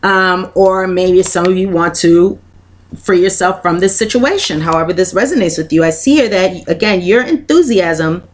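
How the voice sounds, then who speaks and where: A woman's voice: fairly low pitch, normal speed. A woman giving a spoken tarot reading, earnest and encouraging, who repeats her phrases and leans on "you know" fillers. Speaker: tarot reader.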